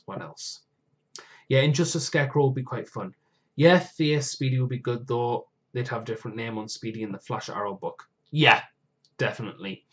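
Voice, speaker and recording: Rambling enthusiastic male streamer. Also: mid-range voice. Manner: rambling, digressive, self-correcting; enthusiastic, lively wish-list talk. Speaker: live stream host. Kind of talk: casual live stream monologue.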